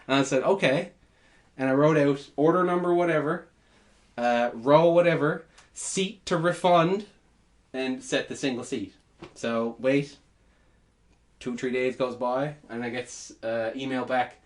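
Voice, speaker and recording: A man telling a story in casual podcast chat, animated, laughing and swearing as he goes. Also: mid-range voice, a little slow, long pauses. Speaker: podcast host.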